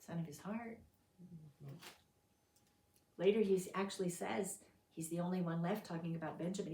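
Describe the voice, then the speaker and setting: A woman's voice: lowish voice, moderate pace, pauses often, far from the mic, slight background noise. Woman Bible teacher, dramatic storytelling, echoey room. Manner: dramatic, acts out quotes with sudden loud outbursts. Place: fellowship meeting room. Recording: roomy sound from off the mic.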